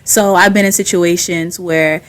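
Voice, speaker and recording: A young woman talking as a podcast guest in a casual, animated way, laughing often and using slang. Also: on the low side, unhurried. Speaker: guest, skincare business owner.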